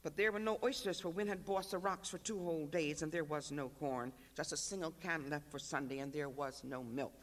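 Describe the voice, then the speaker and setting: An author reading a literary excerpt aloud at a panel, measured and rhythmic. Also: male voice, a little high, a bit bright.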